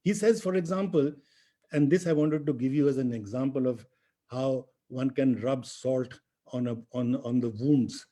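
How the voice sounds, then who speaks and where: A man's voice: mid-range voice, moderate pace, warm tone. An older man, a history professor giving a public lecture, emphatic and sprinkling rhetorical asides and tag questions. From India.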